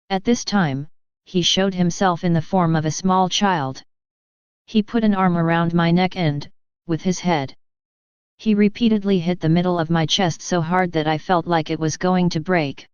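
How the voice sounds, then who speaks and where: A reader narrating a mystic's diary in a slow, earnest, measured devotional reading on a dull, lo-fi recording. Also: mid-range voice, clean tone, no echo.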